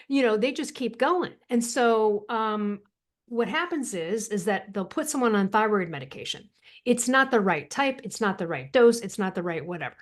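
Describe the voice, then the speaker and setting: A woman guest on a podcast interview, talking in an animated, emphatic way and laughing often. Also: fairly high pitch. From United States. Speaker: author and thyroid coach, guest.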